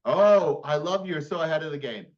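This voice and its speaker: An upbeat, encouraging man teaches the rules of a board game on a casual stream. His voice sits somewhat high. The audio is dull and lo-fi, as on a home call. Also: animated, moderate pace.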